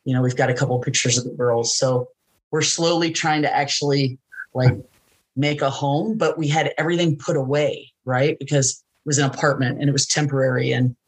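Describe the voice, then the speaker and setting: A woman's voice: very deep voice, fairly quick, slightly rough, low-quality recording. A middle-aged woman, a wrestling announcer, chatting as an interview guest, telling stories with lots of laughter and acted-out voices. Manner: animated storyteller, laughs often, acts out quoted voices. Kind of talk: casual chat.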